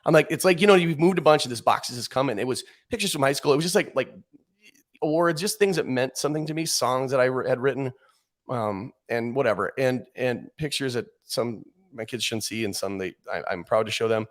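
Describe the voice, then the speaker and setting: Dude in his 40s rambling thru old stories on a podcast, lively, mid pitch. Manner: animated rambling storyteller, quick restarts. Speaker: podcast guest. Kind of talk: casual chat.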